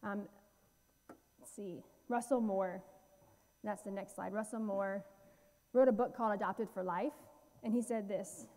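A woman's voice: mid-range voice, fairly even intonation, a little slow, long pauses, a little mellow, big-room sound. A woman guest speaker giving a heartfelt church talk about slides, earnest and full of fillers and restarts. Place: church sanctuary.

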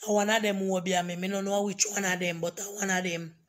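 A hoarse woman, scolding and repeating herself emphatically in a ranting vlog. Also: mid-range voice, little pitch movement, quick pace. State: hoarse, voice nearly gone. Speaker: online commentator.

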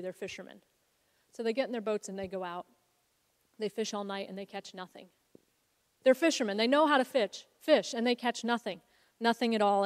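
A woman preaching a sermon as co-founder of a ministry, telling a Bible story in an earnest, reflective way. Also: fairly high pitch. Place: church sanctuary. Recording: long hall reverb.

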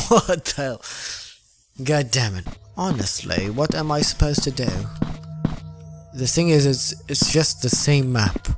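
A man's voice: medium pitch, a little slow. A young man playing a horror game on his channel, jumpy and swearing, yelping and laughing at the scares. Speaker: gaming channel host. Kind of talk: let's play commentary. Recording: game music behind.

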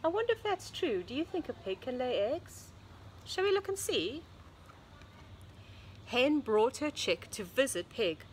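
A preschool teacher, a woman, reading a picture book aloud to young children in a sing-song storybook voice with hushed asides. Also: on the high side, very animated, slow pace, long pauses, slight background noise. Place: home or classroom, recording online lesson.

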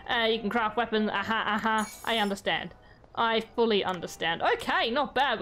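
A woman's voice: fairly high pitch, normal speed, fairly bright tone, slight background noise. A woman hosting a gaming channel, giving chatty let's-play commentary and talking to the game characters.

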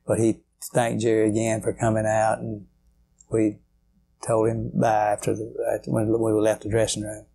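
A man's voice: lowish voice, monotone, normal speed, vocal fry, warm tone. An older man, telling rambling, folksy stories as a guest in an interview. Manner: rambling, folksy, many fillers. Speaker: guitarist guest. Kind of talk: storytelling interview.

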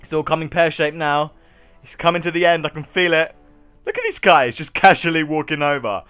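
A young man doing let's play commentary on a video game, excitable, dropping from low mutters to loud yells. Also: a little fast, smooth, faint music behind. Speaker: gaming YouTuber.

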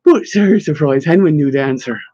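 A man narrating a novel in steady scripted reading, with occasional slips. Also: fairly high pitch, a little fast, slightly rough, dry recording, dull audio. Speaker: audiobook narrator.

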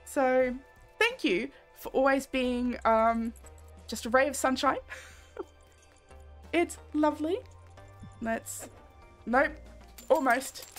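Chatty woman streamer, higher voice. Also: takes it slowly, pauses often, faint music behind. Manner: rambling, candid, soft-spoken, laughs often. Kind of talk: casual live-stream chat while gaming.

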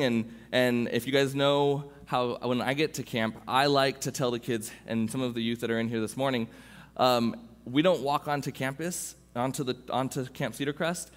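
A young adult man preaching as a youth pastor, telling a personal story informally with restarts. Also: medium pitch. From Southern California. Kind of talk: sermon. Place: church sanctuary. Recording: long reverb from a church hall.

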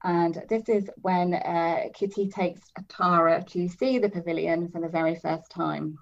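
A woman's voice: lowish voice, fairly even intonation, unhurried, vocal fry, muffled recording. A woman novelist chatting as a guest, tentative and repeating herself as she thinks aloud. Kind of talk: casual interview chat.

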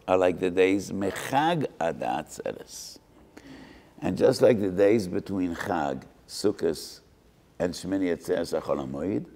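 Older male rabbi; very low, gravelly timbre; earnest, measured sermon delivery. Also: lively intonation, dark tone. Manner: measured, earnest, mixes Hebrew and Yiddish terms. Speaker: rabbi giving a short Torah talk. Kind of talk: Torah talk.

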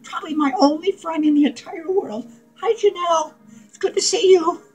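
A shrill cackling unhinged clown. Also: male voice, normal speed, darkish tone, faint music behind, poor audio. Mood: giddy. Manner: cackling, profane, giddy rambling. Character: manic, unhinged male clown, giddy and crude. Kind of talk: comedic character vlog monologue.

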